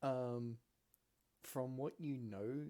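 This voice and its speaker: A man narrating as game master, giving relaxed, matter-of-fact rulings with soft fillers. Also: medium pitch, extremely slow. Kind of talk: narrating a tabletop game over a call.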